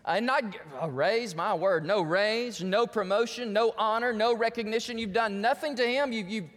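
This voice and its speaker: A man's voice: sits high, moderate pace, a bit bright, long reverb tail. A man preaching a sermon as pastor, telling stories animatedly and acting out the voices of the people in them.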